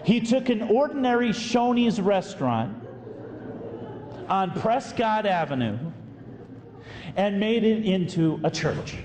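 A priest telling a story in a sermon, animated and acting out the voices of the people in it. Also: male voice, high voice, takes it slowly, pauses often, noisy background. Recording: echoey hall with faint room ambience.

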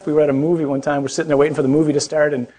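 A man with a slightly high, flat voice talks at a racing pace, his tone warm. He preaches as a parish priest to young listeners, chatty and joking, poking fun at himself and often asking them questions.

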